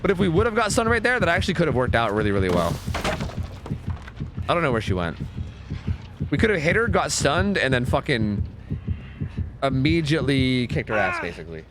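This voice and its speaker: A man's voice: mid-range voice, very animated, a little fast, long pauses, noisy background. A man streaming a game, ranting and chatting casually with viewers, swearing often. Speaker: gaming streamer. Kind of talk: casual live-stream commentary.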